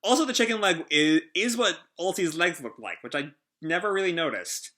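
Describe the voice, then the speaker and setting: A man's voice: on the high side, lively intonation, normal speed, bright, forceful tone. A man who hosts a casual comic reaction, talking in a rambling, hesitant way with many fillers. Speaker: host.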